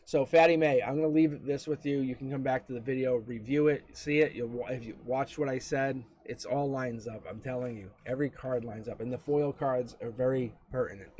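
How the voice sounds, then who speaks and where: A man's voice: mid-range voice, slight background noise. Blunt, profane tarot reader man. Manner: blunt, profane, animated storytelling. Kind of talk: live-stream tarot reading.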